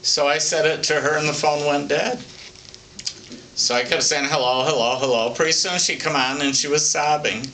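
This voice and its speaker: An older man speaking as a psychic medium, telling stories from his life in a plainspoken, folksy, unhurried way for an oral history. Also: on the high side, fairly even intonation, sharp tone. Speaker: psychic medium recounting readings. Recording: distant mic with faint background hiss.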